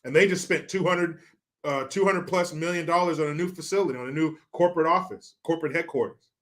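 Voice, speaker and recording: A man's voice: a little high, quick pace, a bit bright. A man hosting his own show, ranting through sarcastic, profane political commentary full of mockery. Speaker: show host.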